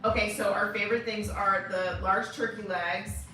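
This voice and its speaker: A middle-aged woman reads viewer questions and teases her husband in easy livestream chat. She sits back from the mic, so her voice rings through a very echoey room. Clear music plays behind her. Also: medium pitch, steady tone, normal speed, sharp tone, far from the mic. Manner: chatty, teasing, reads questions aloud. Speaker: co-host reading viewer questions.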